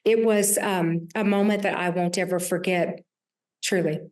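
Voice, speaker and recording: A woman's voice: lowish voice, steady tone, moderate pace, darkish tone. A woman in her sixties with a Southern US accent, a podcast host talking earnestly about her year, with many restarts. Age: 60s. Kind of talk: reflective conversation.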